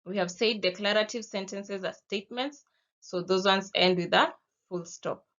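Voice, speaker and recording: A woman's voice: medium pitch, normal speed, a bit bright. A woman teacher with a Kenyan accent, explaining a lesson patiently with spoken examples. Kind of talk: recorded classroom lesson. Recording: dull lo-fi sound.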